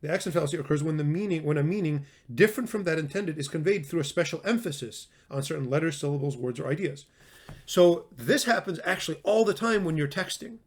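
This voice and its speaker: A man with a slightly higher voice teaches a recorded class in an easygoing, conversational tone. He leans hard on single words to make his point and breaks off to restart sentences as he goes. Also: lively intonation, fast talker. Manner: conversational, emphatic, with frequent restarts. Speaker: lecturer.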